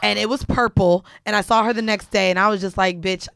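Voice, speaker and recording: A woman's voice: mid-range voice, fairly even intonation, quick pace, vocal fry, fairly bright tone, smooth, no room sound. A woman co-hosting a casual podcast, chiming in bluntly with crude details. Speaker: podcast co-host. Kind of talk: casual chat.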